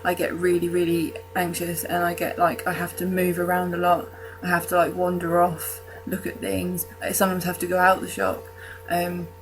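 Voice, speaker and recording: A woman's voice: on the low side, monotone, moderate pace, hardly any pauses, over music, poor audio. A young woman from the UK talking casually to camera in her vlog, rambling with fillers and restarts and self-mocking jokes. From United Kingdom. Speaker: vlogger.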